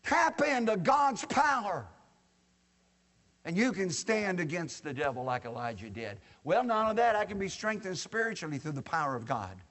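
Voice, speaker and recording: A man's voice: sits high, very animated, moderate pace, fairly bright tone, long reverb tail. A man preaching a sermon in a folksy, joking way, talking straight to the congregation.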